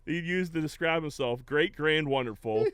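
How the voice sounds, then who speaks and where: A man's voice: a little high, normal speed, fairly bright tone, clear, resonant tone, dry recording. A man, hosting a casual podcast chat with loose, joking talk. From Pittsburgh. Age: 40s. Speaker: podcast host. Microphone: studio podcast microphone.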